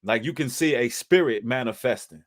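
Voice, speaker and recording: A man's voice: medium pitch, moderate pace. A man hosting a livestream, talking in an emphatic, preacherly way to his audience, mixing casual slang and the odd curse word. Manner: emphatic, preacherly, addresses audience as brothers and sisters; casual slang with occasional cursing. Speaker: livestream host.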